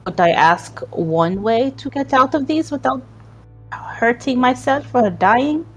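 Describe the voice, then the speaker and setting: A woman's voice: high-pitched, expressive, unhurried, husky, faint music behind. A woman playing her character in a tabletop game, blunt and wry as she bargains. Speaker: player.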